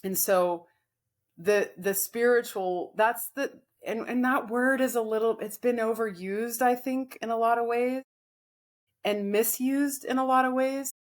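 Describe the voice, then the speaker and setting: A woman co-hosting a podcast in casual chat, reflective and gentle, often restarting her sentences. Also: on the high side, unhurried. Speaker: podcast co-host.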